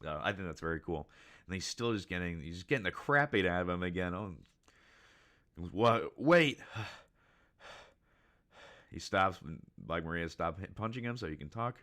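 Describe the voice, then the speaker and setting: A man hosting a casual reaction to a comic chapter, rambling excitedly with many fillers and reading lines aloud. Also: low voice, fast. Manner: reads character lines aloud with mild voice shifts. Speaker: channel host.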